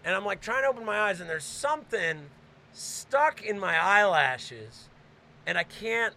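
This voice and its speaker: A man hosting a podcast, telling a crude story and shouting when he acts out scenes. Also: sits high, a little slow, gravelly. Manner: animated, shouts when reenacting. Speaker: podcast host.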